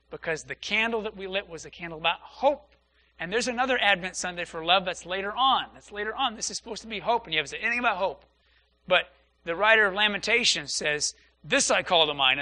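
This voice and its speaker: A man's voice: on the high side, sharp tone. A man, a pastor, preaching an earnest Sunday sermon and repeating phrases for emphasis. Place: church.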